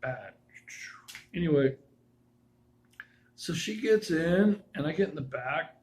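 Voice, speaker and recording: A man's voice: on the high side, expressive, slow, darkish tone, poor audio. Rambling man telling a spooky story. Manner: rambling, loose, full of asides and restarts. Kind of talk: casual personal storytelling.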